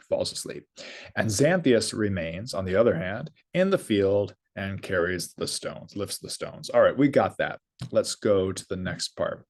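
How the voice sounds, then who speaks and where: A lower-voiced middle-aged man teaches a Greek lesson into a close desk mic. He reads the passage slowly and carefully, then speeds up as he explains the grammar. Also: a little mellow. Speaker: Greek instructor. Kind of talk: recorded language lesson.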